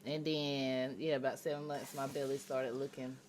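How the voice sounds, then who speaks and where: A woman in her thirties co-hosting a podcast, chatting casually with quick, wry asides. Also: extremely low pitch, flat delivery, darkish tone. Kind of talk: casual chat. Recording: faint background noise.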